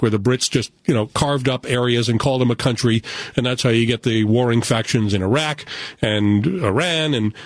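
American male film critic, animated and opinionated, casual chat, dry close mic. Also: mid-range voice, no echo. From United States.

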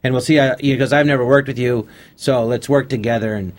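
A man's voice: medium pitch, fairly even intonation, a little fast. A man being interviewed on a radio show, telling anecdotes casually and acting out the conversations he remembers. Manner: anecdotal, acts out past conversations in quotes. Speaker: guest comedian.

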